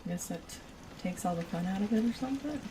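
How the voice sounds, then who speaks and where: A woman's voice: medium pitch, expressive, quick pace, recorded from a distance, background noise. A woman streaming a building game, rambling and giggling as she chats with her viewers. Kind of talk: casual chat while playing a building game.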